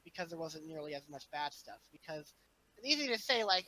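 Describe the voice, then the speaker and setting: A man talking casually on a podcast, rambling with lots of fillers and animated swings in emphasis. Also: fairly high pitch, brisk, slight background noise, low-quality recording. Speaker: podcast guest. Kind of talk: casual chat.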